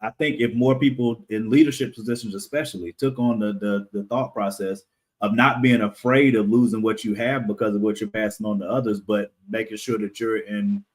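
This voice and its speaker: Low-voiced man, halting and laughing. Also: steady tone. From United States. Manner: halting with fillers, laughs often. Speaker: podcast guest, comic creator. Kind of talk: casual interview conversation.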